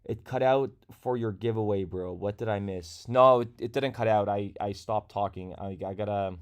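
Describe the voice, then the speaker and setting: A man's voice: fairly low pitch, normal speed, clean tone. A man hosting a casual crypto livestream, chatty and talking straight to his viewers, at a desk microphone in a room at home. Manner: chatty, reads viewer comments aloud.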